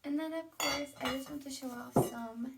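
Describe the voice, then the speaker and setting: In a casual home vlog recorded indoors, a woman with a high-pitched voice speaks at a moderate pace, far from the mic and over heavy background noise. She hosts chattily and enthusiastically, showing items to camera with fillers and asides.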